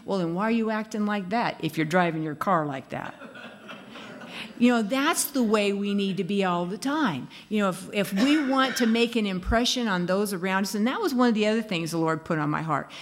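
A woman's voice: a little high, expressive, moderate pace. A woman giving a casual sermon, chatty and laughing, acting out little quoted lines as she goes. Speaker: speaker giving a devotional talk.

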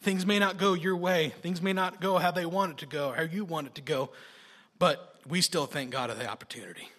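A man preaching a sermon, telling personal stories in a folksy, animated way with sudden loud bursts. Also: fairly high pitch, fairly quick.

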